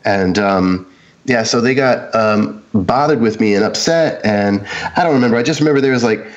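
On a muffled recording, a man whose voice sits on the low side talks at normal speed. As a guest, he tells a personal story in a loose, rambling way, dropping lots of "um"s and "like"s and performing the quoted lines.

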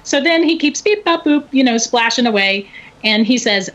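A middle-aged woman telling a story in casual chat, animated and often laughing. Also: on the high side, normal speed. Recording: dull lo-fi recording.

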